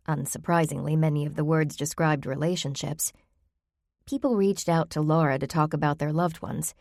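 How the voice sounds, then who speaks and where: Low-pitched lady reading a novel aloud, calm and steady, dead dry studio. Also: no room sound. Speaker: audiobook narrator. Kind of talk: scripted narration.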